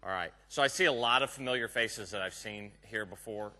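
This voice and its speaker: A man's voice: mid-range voice, very animated, normal speed, vocal fry, sharp tone. A man from Texas with a Southern accent gives a live technical conference talk, chatty and joking with the audience in the room. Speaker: conference speaker.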